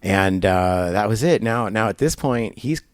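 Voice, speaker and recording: A man's voice: lowish voice, measured pace, no echo. A man being interviewed, telling a long story casually with lots of fillers and acting out the voices of the people in it. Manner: animated storyteller, many fillers, acts out quoted voices. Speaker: guest. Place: barber shop.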